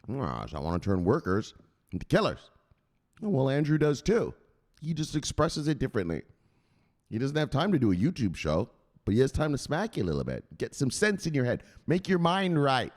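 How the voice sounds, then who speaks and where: A man's voice: mid-range voice, huge pitch swings, normal speed, a little mellow. Joking, profane male crypto vlogger. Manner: profane, joking, laughs often. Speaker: crypto news host. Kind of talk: casual vlog commentary.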